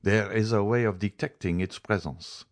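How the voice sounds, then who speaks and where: A man playing a stern, deep-voiced doctor. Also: close to an everyday voice. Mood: grave, insistent. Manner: measured, insistent explanation. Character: grave, stern male doctor. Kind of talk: audiobook character voice.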